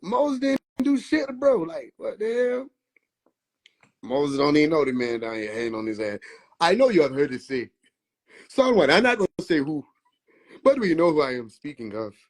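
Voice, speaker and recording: A man talking casually on a phone livestream, animated and profane, laughing often and slipping into mock biblical voices. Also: a little high, moderate pace. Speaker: livestream host.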